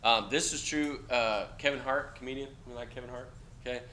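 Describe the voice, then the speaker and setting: A man's voice: medium pitch, fairly even intonation, brisk, bright, forceful tone, slight background noise. Blunt, chatty male college lecturer. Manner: conversational, blunt, peppers lines with "okay?" and casual swearing. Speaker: university lecturer. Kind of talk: casual classroom lecture. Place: lecture classroom.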